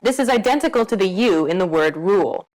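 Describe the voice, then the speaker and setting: A woman's voice: medium pitch, animated, a little fast, a little mellow, a little hiss or hum, rough recording. A woman giving scripted, upbeat narration for a pronunciation lesson.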